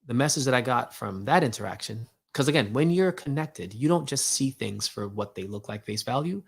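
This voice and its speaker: Gravelly man telling a casual story. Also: mid-range voice, brisk. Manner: casual slangy talk, many "like" and "yo" fillers; animated, acts out both sides of conversations. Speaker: host. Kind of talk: casual storytelling monologue with spiritual reflection.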